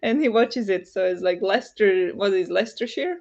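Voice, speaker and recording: A woman's voice: mid-range voice, a little fast, creaky, darkish tone, lo-fi sound. Chatty Flemish woman streaming late. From Flanders. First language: Dutch. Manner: chatty, laughs often, reads chat aloud. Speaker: livestream host. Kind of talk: casual livestream chat. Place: home at night.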